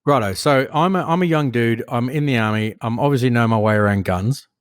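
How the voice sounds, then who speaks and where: A man's voice: medium pitch, fairly quick, no echo, studio quality. A man with an Australian accent hosting a podcast, asking blunt, jokey questions and swearing casually. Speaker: podcast host. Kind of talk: casual chat.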